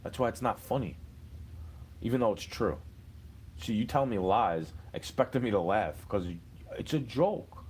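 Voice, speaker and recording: A man's voice: fairly low pitch, normal speed, pauses often, breathy edge. A young adult man delivering an angry, profane monologue, confronting an imagined listener. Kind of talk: ranting monologue.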